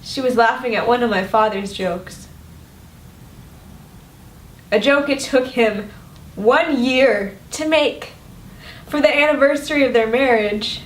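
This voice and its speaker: A young woman performing a monologue as a daughter in mourning, telling it in a measured, wry, deadpan way. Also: fairly high pitch, a little hiss or hum. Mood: wry, grave. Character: young woman mourning her odd parents. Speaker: acting student. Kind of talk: dramatic monologue. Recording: roomy echo from far off.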